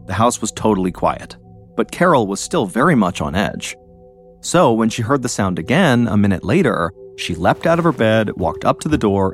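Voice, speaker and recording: A man hosting a podcast, telling a true-crime story in a measured, suspenseful scripted narration. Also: on the low side. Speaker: podcast host.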